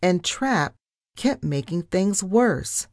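A woman reading a children's story aloud with expressive, dramatic narration. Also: fairly low pitch, takes it slowly, no room sound, clean studio sound. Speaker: storybook reader.

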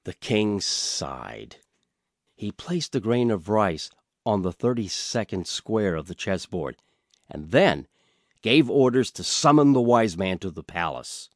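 A man reading a storybook aloud in a radio studio, slow and expressive. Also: on the low side, no echo. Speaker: audiobook reader.

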